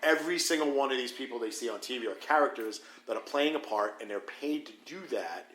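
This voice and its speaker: A man's voice: mid-range voice, brisk, fairly bright tone. A man from New York hosting a casual podcast chat, explaining his views in an opinionated way. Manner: opinionated, explanatory, laughs easily. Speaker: podcast host. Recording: roomy with faint noise.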